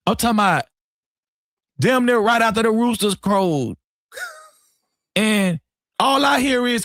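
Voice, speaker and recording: A man telling a story casually on a live stream, animated and profane, often repeating himself. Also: high voice, measured pace, long pauses, no echo, studio quality.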